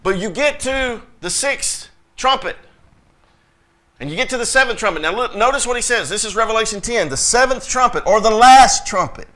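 Guy preaching a sermon, kinda high voice, emphatic, keeps calling out to the crowd. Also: lively intonation, normal speed, sharp tone. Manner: emphatic, talks directly to the congregation; reads scripture aloud in King James wording. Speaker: pastor.

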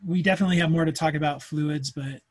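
A man's voice: on the high side, fast talker. A man teaching a physics class in a casual, chatty lecture, full of fillers and asides, on a video call. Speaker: physics instructor.

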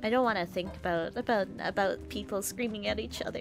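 A woman's voice: fairly high pitch, a little fast, gravelly, hardly any pauses, soft background music. A woman game streamer chatting casually on a live stream, rambling, giggly and profane.

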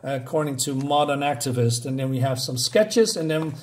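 A man's voice: medium pitch, normal speed. A man giving a mocking, sarcastic review of a comic book.

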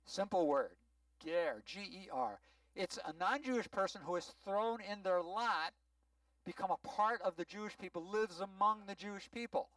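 A rabbi giving a sermon-style teaching, explaining words patiently and often checking whether the congregation follows. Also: male voice, high voice, a bit bright, dry recording, recorded from a distance, low-quality recording. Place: synagogue sanctuary.

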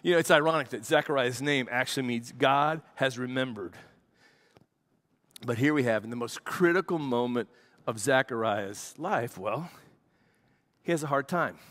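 A man, a pastor, preaching a sermon and telling a story with lively acted-out quotes. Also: medium pitch, normal speed, long pauses. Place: church.

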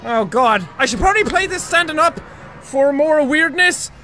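An Irish man hosting a gaming video, his voice sitting very high and swinging wildly as he yells, swears and laughs his way through the ride. Music and crowd noise run underneath the whole recording. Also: lively intonation, moderate pace. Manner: loud, screaming, swearing, frequent laughing. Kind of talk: excitable gaming commentary. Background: music and crowd sounds.

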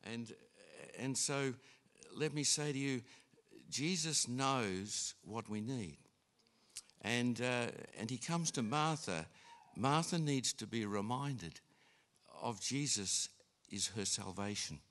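A man preaching a sermon in an unhurried way, with frequent restarts and fillers. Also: medium pitch, lively intonation, a bit bright. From Australia. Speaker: pastor.

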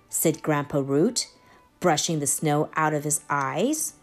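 Slow, lively woman reading a storybook. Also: low-pitched, faint music behind. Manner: expressive, slow and lively read-aloud. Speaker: storybook reader. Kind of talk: reading a children's picture book aloud.

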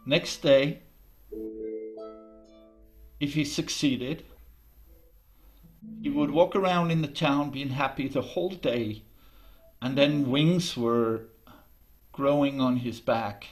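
A man telling a folk tale aloud, slow and deliberate with long pauses. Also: mid-range voice, soft background music. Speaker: storyteller. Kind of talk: oral storytelling.

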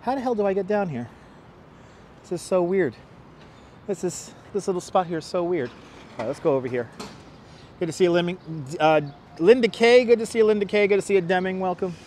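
On a riverside city walking tour, a man from New York streams live through a wireless clip-on mic, greeting viewers one at a time in a casual, upbeat manner. His high, slightly mellow voice is animated at normal speed, with long pauses and slight background noise.

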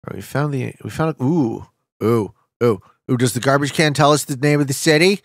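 A man streaming a geography guessing game, chatting to viewers with loud hype bursts and quiet muttering while he thinks. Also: mid-range voice, brisk, creaky, no room sound, clean studio sound. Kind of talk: casual gameplay commentary.

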